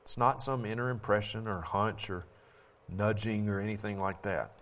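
A man Bible teacher giving a critical, sermon-style commentary, forceful and insistent and repeating his points for emphasis. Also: on the low side, fairly even intonation, normal speed.

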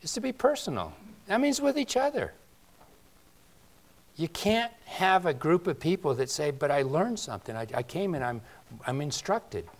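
This male pastor's sermon feels like a conversation, full of rhetorical questions for the congregation and swings from loud emphasis to quiet asides. His voice sits a little high and is very animated, at a moderate pace.

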